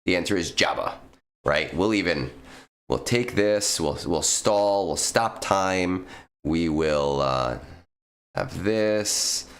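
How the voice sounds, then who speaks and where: A man's voice: low-pitched, animated, slow. A man streaming, giving casual, blunt game advice, swearing freely and using plenty of fillers. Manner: blunt and profane, with frequent fillers.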